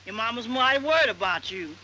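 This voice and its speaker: Casting: kindly housemaid, quick, soothing, sounds off-mic. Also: female voice, on the high side, expressive, bright, forceful tone, slight background noise, low-quality recording.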